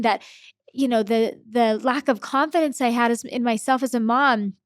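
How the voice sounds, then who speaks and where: Emotional young woman with a bright voice. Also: fairly high pitch, steady tone, no room sound, studio quality. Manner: emotional, halting, repeats words. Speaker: podcast guest. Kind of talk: emotional personal storytelling.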